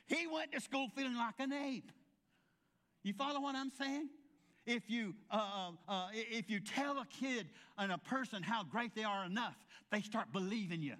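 A man's voice: extremely high pitch, lively intonation, normal speed, sharp tone. A male pastor giving a folksy sermon, telling humorous stories and acting out the voices of the people in them. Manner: folksy storytelling with humorous asides; acts out quoted voices.

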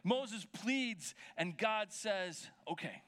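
A man's voice: sits high, expressive, moderate pace, sharp tone. A man preaching a sermon as pastor, retelling scripture in a conversational way and checking in with his listeners.

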